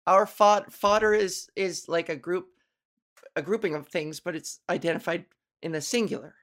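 A woman's voice: fairly low pitch, normal speed. A woman hosting her own podcast in casual solo chat, rambling and self-mocking and laughing at her own jokes, speaking into a microphone. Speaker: podcast host. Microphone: studio microphone.

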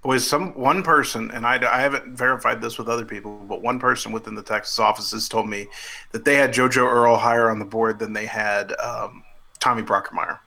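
A man with a bright, forward voice chats as a guest reporter. His talk is loose and hedging, with plenty of "you know"s and restarts. He keeps a mid-range pitch throughout. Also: fairly even intonation, fairly quick, creaky. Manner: chatty, hedging with many fillers and restarts. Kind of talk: casual podcast chat.

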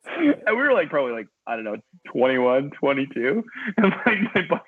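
A man's voice: mid-range voice, a little fast, husky, dry recording. A man in his thirties from Canada, a guest chef telling stories in casual chat, often laughing. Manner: laughing, animated storyteller. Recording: tinny phone-like sound.

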